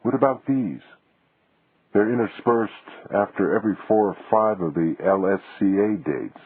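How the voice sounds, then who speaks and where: A man reading an audiobook, voicing a sharp, inquisitive woman journalist in a husky, slightly raised voice. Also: on the low side, moderate pace, phone-quality sound, pitched above the performer's own voice. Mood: probing. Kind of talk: audiobook dialogue.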